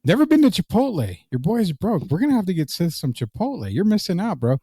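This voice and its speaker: A man's voice: high voice, sing-song, fast talker, dark tone, breathy edge, no echo, clean studio sound. A man co-hosting a casual sports podcast, joking and reading live comments aloud. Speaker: podcast co-host.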